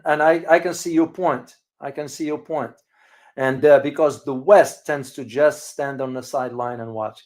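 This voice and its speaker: A man hosting a casual live-stream commentary, speaking emphatically to his viewers, repeating words for stress and pausing often with hesitations. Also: medium pitch, a little mellow. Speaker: channel host and geopolitical commentator.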